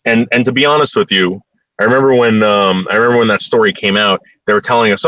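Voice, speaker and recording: A man's voice: lowish voice, fast talker, a bit bright, no room sound, low-quality recording. A man ranting bluntly in a heated, profane opinion monologue.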